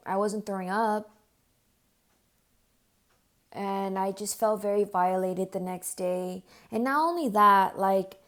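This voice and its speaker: A young woman vlogger telling a personal story straight to camera, earnest and upset, full of "like" fillers, going hushed when she quotes herself. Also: mid-range voice. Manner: earnest, distressed retelling with frequent "like" fillers.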